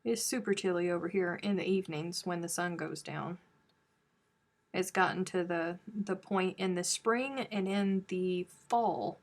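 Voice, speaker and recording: A woman with a lowish, fairly even voice speaks at a measured pace while hosting a crochet live stream from home. She chats casually, reads out viewer comments, and teases her audience.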